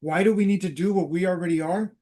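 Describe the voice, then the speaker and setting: A man's voice: sits high, fast, warm tone. A man hosting a talk, casually telling a personal story and drifting into spiritual teaching, with many fillers and restarts. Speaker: host.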